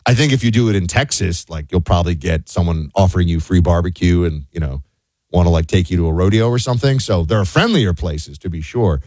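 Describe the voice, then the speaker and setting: A middle-aged man from the United States hosting a show, talking in a loose, animated way full of fillers and restarts. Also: sits low, a little fast, no echo. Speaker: show host. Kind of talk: casual commentary monologue.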